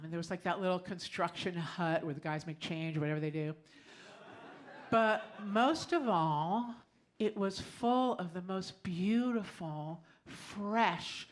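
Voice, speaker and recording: Middle-aged female storyteller, live club stage, slightly low voice, lively conversational delivery. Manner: lively, conversational, often laughing.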